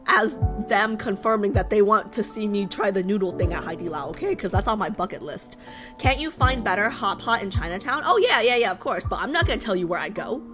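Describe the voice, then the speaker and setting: This New York live streamer talks to her viewers in a casual, rambling way from her home setup, regularly asking them questions. Her voice is medium in pitch and a bit bright.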